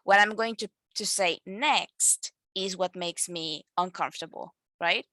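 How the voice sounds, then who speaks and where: A woman's voice: fairly low pitch, a little slow, few pauses, bright, forceful tone, dry recording. A woman teaching an English grammar lesson, explaining patiently with fillers and self-corrections.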